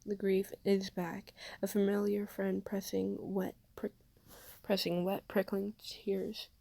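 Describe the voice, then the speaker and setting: Gravelly-voiced woman reading fan fiction. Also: mid-range voice, completely flat delivery, takes it slowly, warm tone, no echo. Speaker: podfic reader. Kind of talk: fanfiction audiobook narration.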